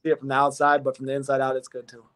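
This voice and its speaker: A man's voice: mid-range voice, monotone, very fast, a bit bright. A man being interviewed as a football player guest, talking modestly with many restarts. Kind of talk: casual interview chat.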